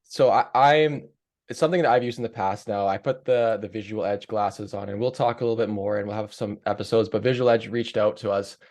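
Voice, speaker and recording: A man's voice: lowish voice, fairly even intonation, brisk, darkish tone. A man co-hosting a goalie training podcast, talking frankly and confidently in casual chat. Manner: frank, confident, sprinkled with fillers. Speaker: podcast co-host.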